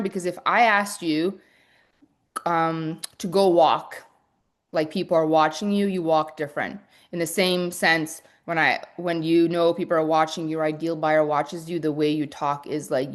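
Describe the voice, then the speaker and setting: Woman, business coach, live-stream teaching, rapid energetic delivery, frequent restarts, slightly low voice. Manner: fast-talking, energetic; restarts and fillers.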